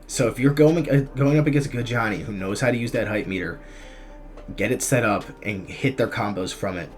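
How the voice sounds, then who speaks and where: A young man speaks in a somewhat low voice, relaxed and chatty, as he gives his opinions on a game. He stumbles, restarts and fills gaps with ums. Faint background music plays under his talk. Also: brisk. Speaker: gaming YouTuber. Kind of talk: casual commentary on a fighting game tier list.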